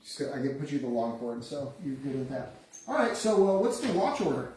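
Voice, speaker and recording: A male game master narrates a live tabletop game from a room around the gaming table, his descriptive narration halting with many restarts. His mid-range voice has lively intonation and a darkish tone. The recording sounds echoey and distant, with faint noise.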